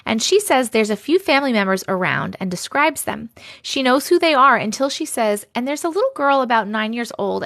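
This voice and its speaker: High-pitched, gravelly-voiced woman. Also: a bit bright. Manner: chatty and effusive, reacting aloud to chat. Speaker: livestream host reading viewer stories. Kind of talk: casual livestream chat and story reading.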